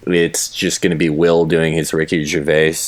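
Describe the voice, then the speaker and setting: Male podcast co-host, very low voice, mock-grand comic riffing. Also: level tone, normal speed. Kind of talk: casual comedic chat.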